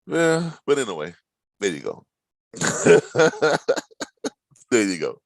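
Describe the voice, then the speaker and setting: A man teaching trucking logistics as he clicks through listings. His pitch leaps up and down as he jokes and teases his viewers. The mic is close and dry, with no room sound. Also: slow pace, no room sound, rough recording. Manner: animated, playfully dramatic, teasing asides. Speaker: logistics trainer. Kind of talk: screen-share tutorial talk.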